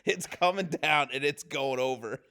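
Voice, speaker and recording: A man's voice: a little high, moderate pace, pushed and bright, clean tone. A man, a film-set grip, telling a long anecdote on a casual podcast, laughing often. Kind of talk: casual storytelling chat.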